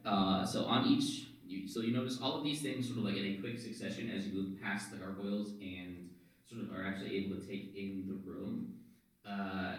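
A man narrating as game master, describing scenes in a rambling, playful way with many fillers. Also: on the low side. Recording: very echoey room, far from mic.

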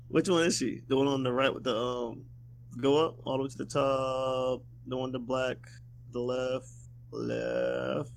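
A man's voice: medium pitch, fairly even intonation, slow pace, vocal fry, long pauses, mellow, slight background noise. A young man co-hosting a podcast, laid-back and slangy, often hesitating as he talks. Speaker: podcast co-host. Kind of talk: casual chat.

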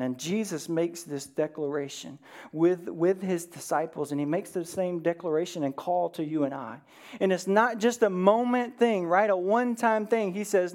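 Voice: medium pitch, moderate pace, a little mellow. A pastor preaching a conversational sermon, earnest, who often checks in with "right?" and briefly acts out the words of Bible figures.

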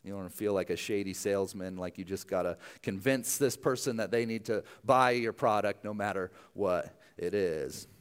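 A man's voice: fairly low pitch, moderate pace, hardly any pauses, smooth. Casting: young adult man, pastor, easygoing sermon delivery with plenty of asides. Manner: conversational, self-deprecating, many asides.

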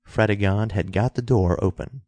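A man narrating an adventure story in a steady, measured and dramatic audiobook style. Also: on the low side, no room sound.

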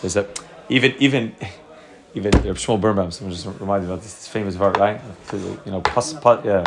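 A man's voice: on the low side, a little fast, creaky, heavy background noise. A man teaching a Torah class, explaining at length with frequent restarts and Hebrew terms mixed into his English.

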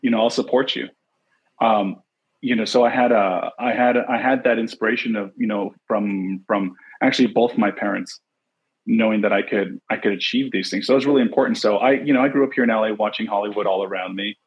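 A middle-aged man from Los Angeles, a guest in a casual interview, who tells stories in an animated way over a video call. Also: fairly low pitch, a little fast, husky, highs cut off. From Los Angeles, USA. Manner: animated storyteller, acts out quotes. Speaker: interview guest, actor and producer.

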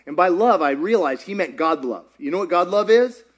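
A man preaching a sermon as a pastor, animated and conversational, often asking the audience questions. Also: high-pitched, brisk.

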